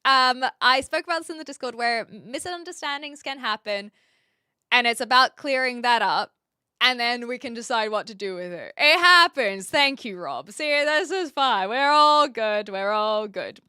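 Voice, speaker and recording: A woman's voice: fairly high pitch, expressive, moderate pace, sharp tone, smooth, no room sound, studio quality. A woman chatting casually on a live stream, reading viewer comments and correcting herself as she goes. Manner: chatty, self-correcting, talks through restarts.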